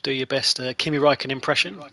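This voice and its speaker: A man's voice: medium pitch, fairly even intonation, racing, bright, forceful tone. A man from North Kent, co-commentating a race with dry, teasing banter. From North Kent, England. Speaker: league host and co-commentator. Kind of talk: casual live race commentary.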